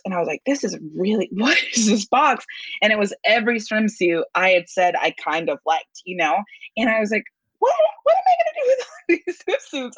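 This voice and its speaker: Lively woman guest, low voice, dry mic. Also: no room sound, poor audio. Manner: animated, acts out her own quoted reactions. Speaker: podcast guest. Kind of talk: casual storytelling.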